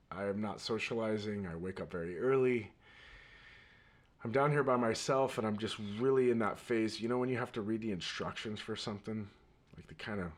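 A man hosting his own podcast, telling a story in a rambling, animated way and laughing readily. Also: fairly low pitch. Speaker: podcast host. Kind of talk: casual storytelling monologue.

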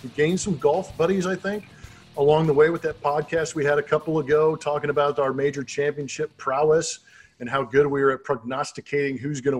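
A middle-aged man co-hosting a sports podcast in loose, rambling, jokey casual chat. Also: a little high. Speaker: co-host.

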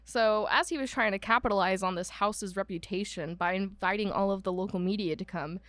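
A young woman tells a haunted-house story in a chatty, rambling way, full of "um"s and side comments. Her voice sits at a middle pitch and is recorded close and dry, with no room sound. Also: brisk, fairly bright tone, no room sound. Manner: chatty storyteller, many "um"s and asides, mock voices for quoted people. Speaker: podcast co-host. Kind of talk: casual chat about a haunted house.

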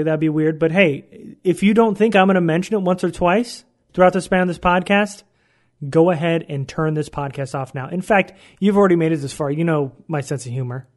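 A man's voice: fairly high pitch, a little mellow. A man hosting his own podcast in a casual monologue, joking and poking fun at himself as he rambles. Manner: jokey, self-mocking, rambling. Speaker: podcast host.

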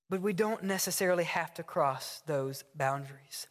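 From the pulpit of a church sanctuary, a pastor preaches with animated storytelling, acting out short dialogues. His voice is fairly high at normal speed, and the recording has a long hall reverb.

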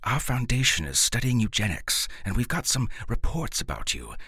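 A man's voice: medium pitch, wildly swooping pitch, moderate pace, sharp tone, husky, dry recording, clean studio sound, voice pushed up, exaggerated voice. Man putting on a fussy pompous professor. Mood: lecturing. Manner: precise, pompous, growing flustered. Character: stuffy flustered male city scientist, big and solemn.

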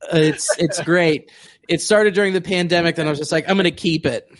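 A man's voice: fairly high pitch, fairly quick, no room sound, studio quality. A man appearing as a guest in a casual podcast chat over a call, easygoing and lightly self-deprecating.

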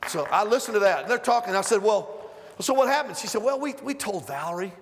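A middle-aged male guest preacher giving a conversational sermon full of stories, building to loud, emphatic stretches. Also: high voice, expressive, fast talker. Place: church sanctuary. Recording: long hall reverb.

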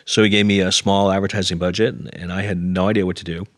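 The voice is low and fairly bright, delivered flatly at a quick pace, recorded dry at studio quality. It belongs to a middle-aged interview guest telling a personal story earnestly, with self-deprecating humor and acted-out dialogue, in a conversational way.

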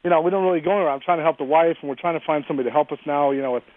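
Brief: man in his 40s, guest calling in over a tinny phone line, quick, blunt, fiery delivery with a slightly raised pitch. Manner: blunt, fiery, swears freely. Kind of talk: casual interview chat.

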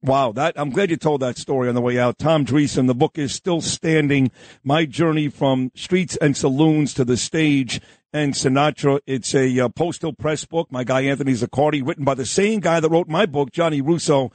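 A man hosting a radio talk show, brisk and chatty on a studio mic. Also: mid-range voice, darkish tone, no echo.

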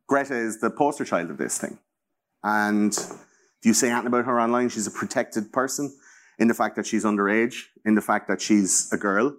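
Irish man, rambling and profane. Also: lowish voice. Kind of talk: casual chat.

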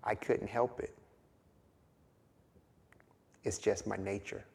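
Sly smooth-talking scorpion guy, a man doing the voice, kinda high, slow, long echo. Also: sing-song, darkish tone, heavily acted. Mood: resigned. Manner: coaxing, reasoning, matter-of-fact. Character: sly persuasive male scorpion. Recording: long hall reverb.

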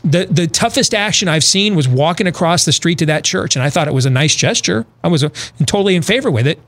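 Male talk host, middle-aged, blunt and emphatic, slightly high voice. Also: expressive, fast, fairly bright tone. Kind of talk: casual political talk radio banter.

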